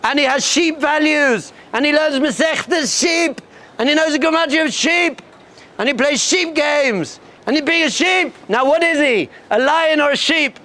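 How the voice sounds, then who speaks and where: A man, a rabbi, giving an energetic pep talk to yeshiva students, telling a story and acting out bleating sheep and a roaring lion, with emphatic, repeated punchy lines. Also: very high voice, moderate pace.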